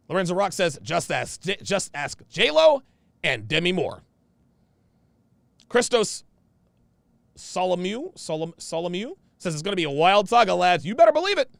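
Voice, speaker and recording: Lively, gravelly man hosting a stream. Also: high voice, moderate pace, pauses often, no echo. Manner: blunt, slangy, repeats phrases for emphasis. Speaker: livestream host reading viewer comments. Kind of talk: casual livestream commentary.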